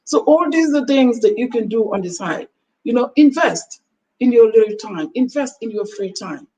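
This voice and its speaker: With a mellow, slightly high, expressive voice at a moderate pace, this Gambian woman preaches earnest advice on a motivational talk-show panel, acting out quoted conversations. Faint background noise accompanies a distant mic.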